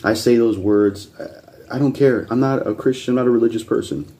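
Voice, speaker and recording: A man's voice: mid-range voice, a little fast, dark tone. Blunt, swearing man ranting. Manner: blunt, profane and combative; repeats points insistently. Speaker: channel host reacting to videos. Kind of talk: ranting reaction commentary.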